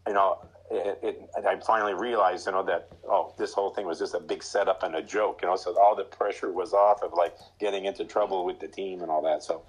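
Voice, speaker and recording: Husky-voiced man telling hockey stories. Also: a little fast, hardly any pauses, rough recording. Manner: animated anecdotes, high put-on voices for quoted lines. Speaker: former pro hockey player, guest. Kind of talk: casual storytelling.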